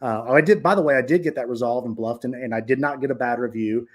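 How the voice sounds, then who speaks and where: A middle-aged man tells viewers a story about a difficult guest at one of his rentals. He speaks bluntly and swears often, and his voice sits at an everyday pitch. His delivery stays casual and heated. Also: fast. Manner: blunt and profane, heated retelling. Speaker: short-term rental owner.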